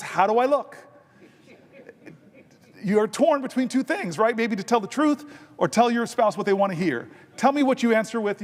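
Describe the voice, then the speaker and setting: A man, a senator holding the floor, telling a personal story with self-deprecating humor in an extemporaneous floor speech in a large legislative chamber. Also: high voice. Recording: long chamber reverb.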